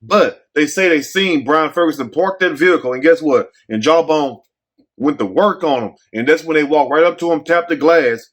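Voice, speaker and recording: A man's voice: fairly high pitch, moderate pace. Blunt, joking man hosting a commentary show. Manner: blunt, joking, rhetorical questions to the audience. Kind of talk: casual storytelling commentary.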